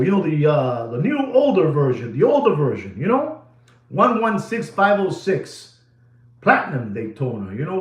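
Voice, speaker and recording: A man hosting a watch channel, rambling and lecturing, repeating himself for emphasis. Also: sits high. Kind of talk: rambling video monologue. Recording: echoey room.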